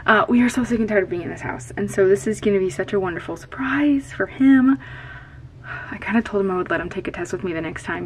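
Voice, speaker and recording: Woman vlogger, mid pitch, hushed near-whisper, rambly, in a small closet. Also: fast talker, a little hiss or hum, low-quality recording. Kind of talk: hushed personal vlog. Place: small closet in her bathroom.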